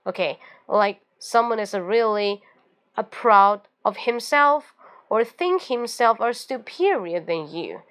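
A woman with a Mandarin Chinese accent hosting an English lesson show, explaining everyday phrases and acting out little example lines. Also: on the high side. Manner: lively teaching with acted example phrases, mixing in Mandarin explanations. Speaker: host.

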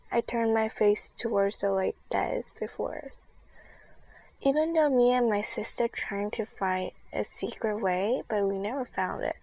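A woman reading a first-person children's adventure story in a soft, half-whispered voice. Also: medium pitch, unhurried, vocal fry, low-quality recording. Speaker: story reader.

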